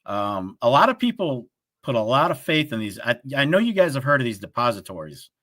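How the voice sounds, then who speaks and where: A man's voice: mid-range voice, brisk, no room sound. A man co-hosting a casual live stream chat, telling stories and acting out the people in them. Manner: animated storyteller, acts out callers' lines. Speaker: co-host of a livestream show.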